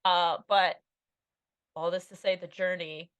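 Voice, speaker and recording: A woman in her thirties, an author on a podcast, speaks with a lowish, fairly bright, smooth voice in a flat, unhurried way. She talks candidly and rambles, putting herself down and filling her speech with fillers.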